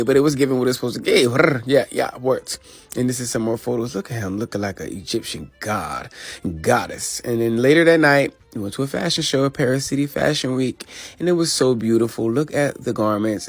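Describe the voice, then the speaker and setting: A man's voice: mid-range voice, no room sound. A man in a casual travel vlog voice-over, flamboyant and sassy, hyping himself up. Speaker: fashion designer vlogger.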